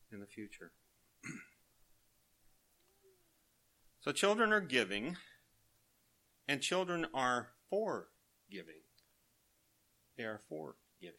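An older man with grandchildren, preaching a sermon in a folksy way, telling family anecdotes and chuckling as he quotes children softly. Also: on the low side.

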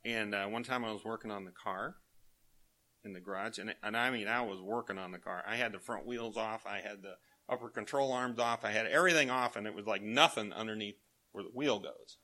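An older man with grandchildren, preaching a sermon in a folksy way, telling family anecdotes and chuckling as he quotes children softly. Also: lowish voice, a little fast.

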